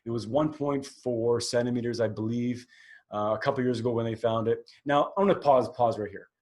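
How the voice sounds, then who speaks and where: A man's voice: mid-range voice, fairly even intonation, fairly quick, darkish tone. A man in his forties hosting a solo podcast, talking candidly and rambling, with many fillers and restarts. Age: 40s. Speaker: podcast host.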